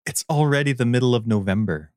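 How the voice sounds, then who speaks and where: A man's voice: medium pitch, fast, darkish tone, no echo, clean studio sound. A man, a podcast co-host, who teases his friend and laughs often in casual chat.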